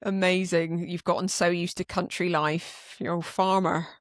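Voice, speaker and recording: A woman's voice: on the low side, little pitch movement, moderate pace, no room sound, studio quality. A woman from Britain co-hosting a podcast, chatting playfully and laughing easily. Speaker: podcast co-host. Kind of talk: casual conversation.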